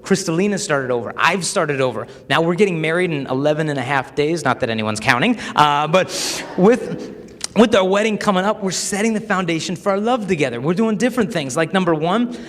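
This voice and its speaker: A man's voice: on the high side, a little fast. A young man giving a humorous talk to a live audience, telling stories with animation and acting out the voices of the people in them. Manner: animated storytelling, acts out quoted voices. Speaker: speaker addressing a live audience. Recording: echoey hall.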